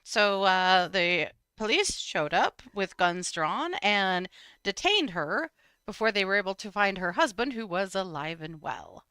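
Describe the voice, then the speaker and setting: Female co-host, bright, dry sound, wry storyteller, casual chat. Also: mid-range voice, lively intonation, measured pace, clear, resonant tone, dry recording. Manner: storytelling, wry, frequent "mm-hmm". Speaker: podcast co-host. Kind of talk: casual true crime chat.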